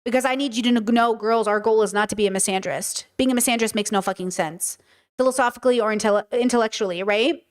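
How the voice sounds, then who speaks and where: A young adult podcast host speaks in a fairly high voice, keeping her monologue animated and casual. She swears freely and briefly mimics others along the way.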